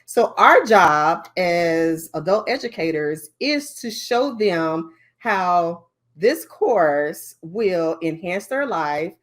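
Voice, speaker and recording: A woman leading a conference training session on learning design, talking in a lively, chatty way with many fillers and asides. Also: fairly low pitch, drawn-out words.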